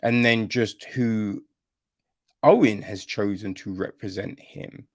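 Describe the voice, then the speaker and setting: A man's voice: fairly low pitch, slow pace, no room sound, clean studio sound. A man giving a casual film review on a podcast, exasperated, and ending his points with "right?". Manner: exasperated, repeats "right?" often.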